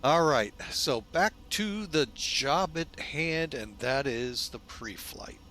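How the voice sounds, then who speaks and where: A man hosting a flight simulator video in a casual, folksy way, relaxed and loose with lots of fillers, often speaking to viewers as folks. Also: a little high, slow. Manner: chatty, folksy, keeps calling viewers "folks". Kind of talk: casual narrated simulator walkthrough.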